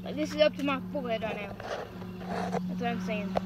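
A woman's voice: a little high, fairly quick. A young woman vlogging as she picks corn, chatty and rambling as she talks to her viewers, out of breath, holding her phone in one hand. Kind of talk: casual vlog. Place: outdoors in a cornfield. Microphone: phone held in one hand. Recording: noisy outdoor phone recording.

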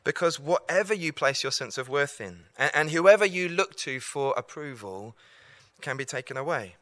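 A man's voice: a little high, expressive, moderate pace, fairly bright tone, no room sound. A man giving an evangelistic talk to students, earnest and repeating key lines for emphasis. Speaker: campus preacher.

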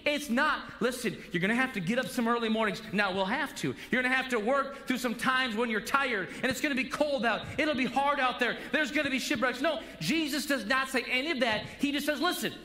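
A male pastor in his forties preaching a sermon in a church, animated and acting out little dialogues. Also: very high-pitched. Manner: animated, acts out coach-and-player dialogue. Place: church sanctuary. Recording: long hall reverb.

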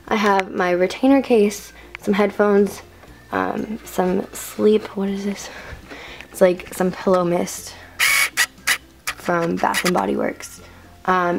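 A woman's voice: mid-range voice, creaky, darkish tone. A teenage woman in her bedroom, giving a casual room tour, chatty and rambling with lots of ums. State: slightly out of breath. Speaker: vlogger. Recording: noticeable background noise.

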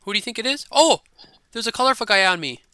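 A man hosting a gaming channel, chatting casually and excitably over gameplay and repeating himself in a silly way. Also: high-pitched, fast talker, smooth, no room sound.

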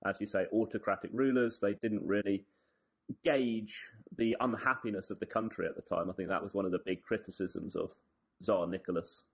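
A man's voice: lowish voice, fairly even intonation, normal speed, slightly rough. A man co-hosting a casual history podcast, retelling events with wry, joking asides. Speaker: podcast co-host.

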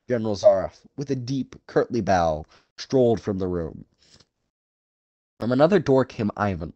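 A male narrator reading a story aloud in a measured, dramatic way, with a lively, wide-ranging pitch. The sound is dry and close to the mic, with no room audible. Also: no room sound, lo-fi sound. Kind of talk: scripted audiobook narration.

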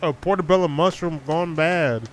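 A man's voice: a little high, normal speed, a little hiss or hum. A man hosting a reaction video, chatting casually and bluntly, often swearing and talking back to the screen.

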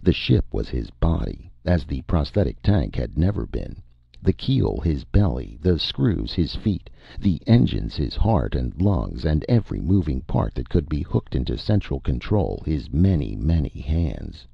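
A man with a gravelly, husky voice giving an animated first-person audiobook narration. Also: a bass voice, a little slow, dry recording, dull audio.

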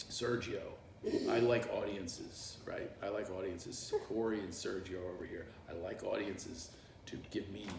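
A middle-aged man, a comedian, telling stories in casual chat on a live stream, animated and full of voices. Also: lowish voice, gravelly, noisy background. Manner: animated storyteller, does voices and bursts into song. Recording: echoey room.

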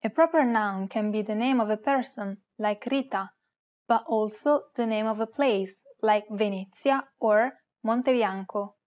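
A woman's voice: on the high side, unhurried, darkish tone. A woman co-hosting a language lesson, carefully reading out example words in a scripted narration. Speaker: co-host giving example words.

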